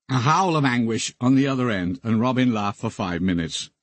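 A man reads his memoir aloud with a husky edge to his voice. His delivery is wry and deadpan, and his pitch rises and falls freely, giving the lines a lively, storytelling lilt. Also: moderate pace, hardly any pauses, no room sound. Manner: wry, deadpan comic asides. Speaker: memoir narrator. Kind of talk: audiobook memoir narration.

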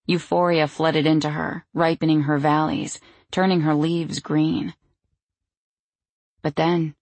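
A woman reads a novel aloud in a measured storytelling voice, pitched low and taking her time. Her tone has a gravelly fry, and the recording is dry and close. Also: a little mellow, no echo. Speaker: audiobook narrator. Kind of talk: scripted narration.

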